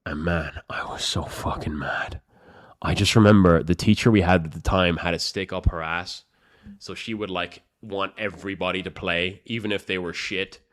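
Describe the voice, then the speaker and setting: A young man with an Irish accent, a chess streamer casually telling a story to his live chat in a profane, animated way. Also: deep voice, moderate pace. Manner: profane, animated, swings between loud and mumbled.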